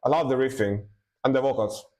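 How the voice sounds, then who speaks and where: His voice is medium-pitched and fairly quick as he streams live reactions to music. Musing aloud, he trips over foreign words, cheers the riffs, and bursts into excited exclamations over what he hears.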